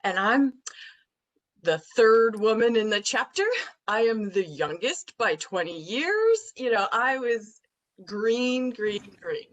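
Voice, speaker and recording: A woman tells a story as a guest on a business podcast. Her voice sits a little high, and she tells it in an animated way, with plainspoken, colorful phrasing. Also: slow pace, poor audio. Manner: animated anecdote teller. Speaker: guest, recruiting firm president.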